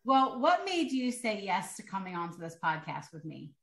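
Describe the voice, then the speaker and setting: Brief: woman podcast host, friendly and joking, medium pitch, roomy echoing sound. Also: sing-song, normal speed. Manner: friendly, joking, leading questions. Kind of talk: casual interview. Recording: roomy echo.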